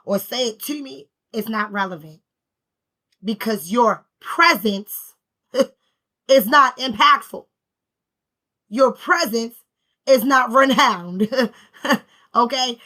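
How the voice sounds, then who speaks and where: A woman's voice: fairly high pitch, pushed and bright. A woman giving a casual spiritual self-help talk in an emphatic, slangy, repetitive style. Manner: emphatic, repetitive, preacher-like rhythm; conversational, slangy. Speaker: spiritual healing vlogger.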